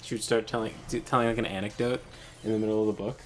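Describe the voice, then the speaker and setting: A man's voice: on the low side, fairly even intonation, very fast, faint music behind. A man chatting casually while playing a game, rambling with frequent restarts and laughter. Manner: rambling, lots of fillers and restarts, laughs often. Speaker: let's play host. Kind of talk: casual chat over gameplay.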